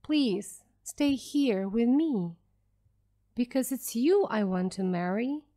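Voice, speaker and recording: A woman voicing a grown male gentleman who speaks earnestly and gently, in a storybook read for English learners. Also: fairly high pitch, lively intonation, slow. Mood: tender.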